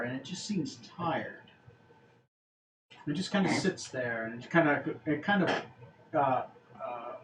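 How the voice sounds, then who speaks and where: Man running a tabletop game, echoey room. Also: a little high. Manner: casual, halting narration with fillers. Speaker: game master. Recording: echoey room with faint ambient noise.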